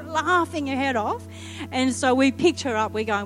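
A middle-aged woman preaches in a high voice, telling a lively, funny story and acting out each quote. Faint music plays underneath her. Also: normal speed. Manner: lively, humorous, acts out quotes. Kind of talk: sermon storytelling.

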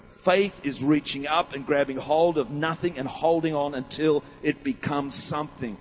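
A man's voice: a little high, fairly even intonation, moderate pace, few pauses, slight background noise. A man preaching a sermon, emphatic and rousing, with many rhetorical questions. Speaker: pastor. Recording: long hall reverb.

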